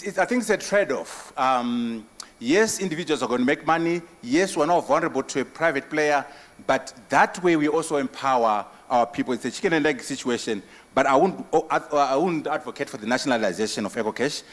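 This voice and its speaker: A Zimbabwean man giving a conference keynote and answering questions, emphatic and forceful, with repetition and rhetorical questions. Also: medium pitch, expressive, brisk. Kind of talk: impassioned conference speech. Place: large conference hall. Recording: long hall reverb.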